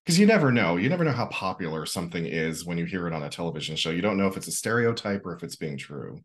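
A man co-hosting a podcast, chatting in a rambling, animated way. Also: low voice, fast talker. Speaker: podcast co-host. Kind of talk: casual chat.

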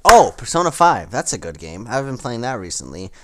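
A man hosting a solo podcast, rambling casually with lots of fillers and quick laughing asides. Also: mid-range voice, sing-song. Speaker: podcast host.

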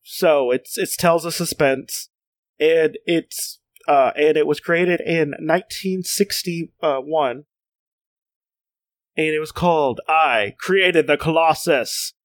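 A man's voice: fairly high pitch, slow pace, no room sound. A man co-hosting a casual chat, hesitant with many fillers and restarts.

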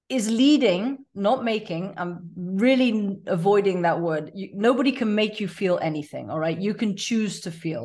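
A woman's voice: medium pitch, darkish tone. A middle-aged woman, a life coach, speaking earnestly and reflectively as a podcast guest, with plenty of fillers and restarts. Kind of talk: casual podcast interview.

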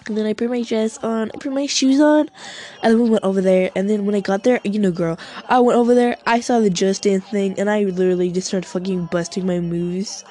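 A woman's voice: medium pitch, fairly quick, dark tone. A young woman rambling casually to herself, swearing a lot, making self-mocking asides, and short of breath.

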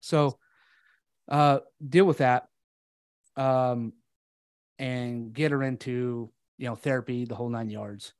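A man on a podcast telling a painful personal story candidly, halting with fillers and restarts, sometimes swearing. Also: medium pitch, steady tone, darkish tone, clean tone, no echo, clean studio sound. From United States.

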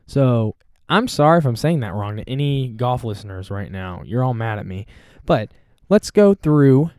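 A man's voice: on the low side, normal speed, clean tone, dry recording, studio quality. A young man hosting a casual solo podcast, rambling and self-deprecating as he chats. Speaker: podcast host.

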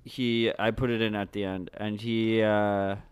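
A man's voice: on the low side, flat delivery, clear, resonant tone, dry recording. A man co-hosting a podcast, talking casually with many restarts and eager asides. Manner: halting, many restarts, enthusiastic. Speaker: podcast co-host. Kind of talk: casual chat.

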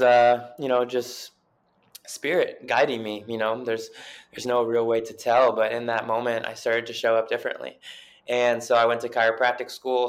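Earnest young man, flat rambling delivery. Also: mid-range voice. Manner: earnest, rambling, many fillers and restarts. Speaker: guest chiropractor and coach. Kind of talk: casual storytelling interview.

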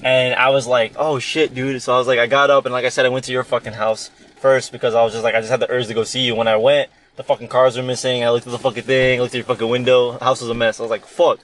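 A man's voice: medium pitch, level tone, rapid-fire, a bit bright, a little hiss or hum. A young man hosting a podcast from inside a car in the rain, telling a long, rambling, profane story in a casual chat. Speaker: podcast host.

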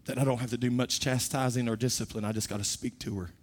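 A middle-aged man preaching a sermon, his voice swelling from soft to loud as he makes his point. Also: mid-range voice, fairly even intonation, fast talker. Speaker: pastor.

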